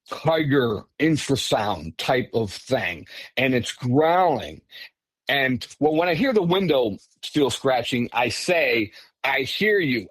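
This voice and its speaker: A man telling his own story as a podcast guest in a casual, animated way, often breaking off and restarting. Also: mid-range voice, husky, no room sound. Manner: animated, self-interrupting, says "frickin'". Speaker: podcast guest recounting encounters.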